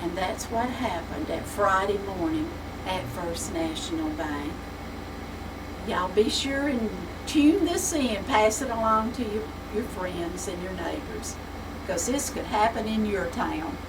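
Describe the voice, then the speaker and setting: Slow folksy woman storyteller. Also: mid-range voice. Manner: folksy, animated. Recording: distant mic with background noise.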